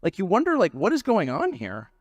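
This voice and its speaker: A man's voice: high-pitched, wildly swooping pitch, brisk, no room sound, clean studio sound. A man hosting an interview, asking probing, incredulous follow-up questions. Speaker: interview host. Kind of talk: unscripted interview conversation.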